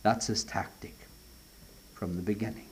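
A man preaching a sermon, moving from emphatic declarations to hushed whispers, using old-fashioned scriptural phrasing. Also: lowish voice, steady tone, moderate pace, a little hiss or hum. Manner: dramatic swings from loud to whispered.

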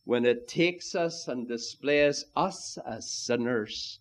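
A man preaching a sermon, emphatic and deliberate, swinging from loud rising appeals to quiet, dropped phrases. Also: mid-range voice.

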